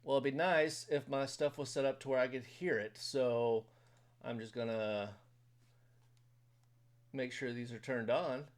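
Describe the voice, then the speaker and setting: A man's voice: medium pitch, fairly even intonation, a little slow, pauses often. A man hosting a casual reaction video, talking straight to his viewers in a rambling, opinionated way while he wears headphones. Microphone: headphones on while recording.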